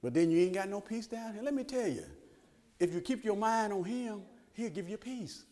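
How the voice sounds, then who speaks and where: Guy preaching, high lively voice, folksy, laughing a lot, gets loud then soft. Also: normal speed. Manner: folksy, animated, laughs often, swings from loud to hushed. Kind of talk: sermon.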